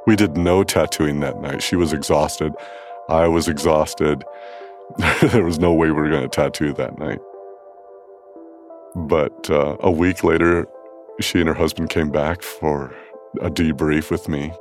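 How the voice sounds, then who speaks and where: A tattoo practitioner telling a personal story in a calm, measured way. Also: male voice, very deep voice, faint music behind.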